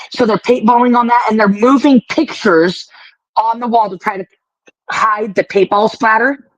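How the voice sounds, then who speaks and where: A woman's voice: medium pitch, no echo. A middle-aged woman, outspoken, telling a story in a casual chat. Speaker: guest. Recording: dull lo-fi sound.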